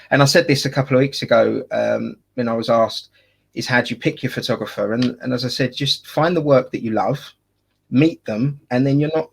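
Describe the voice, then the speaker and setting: A man's voice: mid-range voice, gravelly, husky. A man with an Essex accent, chatting casually as a wedding photographer and podcast co-host, jokey and full of fillers and restarts. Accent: Essex English.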